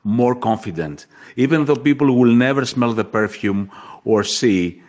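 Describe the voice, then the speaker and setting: A man's voice: mid-range voice, a little slow, darkish tone. A man hosting a radio interview, friendly and effusive. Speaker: radio host.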